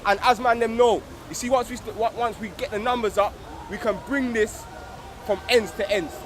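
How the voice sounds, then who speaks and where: Young man, high-pitched, street slang, fervent address outdoors. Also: steady tone, brisk. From England. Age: young adult. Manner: slangy, repeats "you get me", grows fervent and loud. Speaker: organiser of a street discussion circle.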